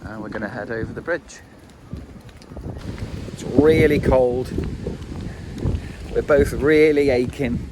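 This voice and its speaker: A middle-aged man talks casually to a handheld camera as he walks through town at night. His humour is dry and wry, and his voice sits at an ordinary pitch. Strong wind noise rushes over the recording. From England. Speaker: vlogger. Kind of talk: casual vlog narration. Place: outdoors in a windy town at night.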